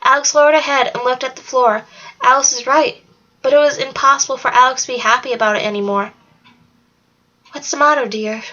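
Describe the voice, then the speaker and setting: A woman narrating a children's fantasy book aloud in a steady, plain storytelling read. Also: high voice, fast. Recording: dull lo-fi recording.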